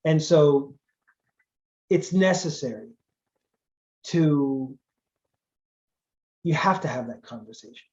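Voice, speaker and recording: A man's voice: fairly high pitch, lively intonation, slow pace, long pauses, darkish tone, highs cut off. Emphatic man lecturing. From Charleston, South Carolina. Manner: emphatic, conversational, wry asides. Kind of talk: guest lecture.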